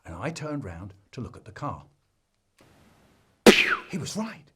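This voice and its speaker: A man telling a comic family story, swinging between deadpan asides and loud bursts. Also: medium pitch, unhurried, heavy background noise.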